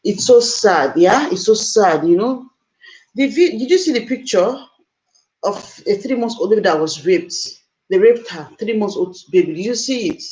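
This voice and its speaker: A woman's voice: medium pitch, lively intonation, moderate pace, darkish tone, a little hiss or hum, low-quality recording. A woman hosting a live stream, talking to viewers in a distressed, emotional, exclaiming way. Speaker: livestream host.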